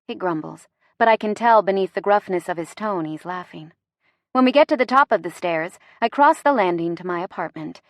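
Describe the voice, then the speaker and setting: A woman narrating a first-person romance audiobook in an expressive, playful way. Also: on the low side, normal speed, no echo, clean studio sound.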